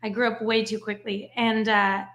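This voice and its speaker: Speaking at an unhurried, normal pace in a voice on the high side, this podcast guest is a Swiss woman whose native language is French. She spins animated stories through a relaxed interview, frequently tossing in "like" and "right?"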